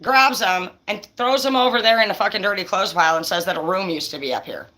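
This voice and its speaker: A woman's voice: medium pitch, fast talker, pushed and bright. Woman ranting thru a crazy story, cussing nonstop, "dude" every other line, rambly. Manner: profane, heated, peppered with "dude" and "bro"; rambling, with frequent restarts and fillers. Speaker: vlogger telling a personal story. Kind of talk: casual storytelling monologue.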